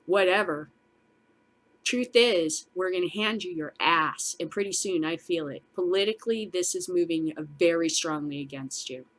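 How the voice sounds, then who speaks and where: A woman's voice: lowish voice, normal speed, fairly bright tone. A middle-aged woman hosting her own show, ranting in a furious, profane casual vlog. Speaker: show host. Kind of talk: angry casual vlog rant.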